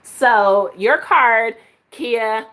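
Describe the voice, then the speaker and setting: A woman's voice: on the high side, drawn-out words, fairly bright tone. Chatty woman doing psychic readings. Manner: chatty, with filler words and laughs. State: out of breath. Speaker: psychic reader. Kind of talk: live-stream reading.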